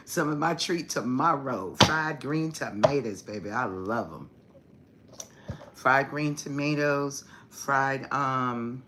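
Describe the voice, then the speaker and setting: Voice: mid-range voice, background noise. A spiritual reader hosting a casual livestream chat with viewers, swearing freely, laughing often, teasing, and calling the audience baby and honey. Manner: affectionate address, calls viewers baby and honey. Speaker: spiritual reader and channel host.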